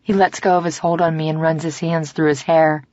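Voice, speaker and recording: Low-voiced woman narrating a romance audiobook. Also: flat delivery, fairly quick, no echo, dull audio. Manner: acts out dialogue, softer and lower for the male lover.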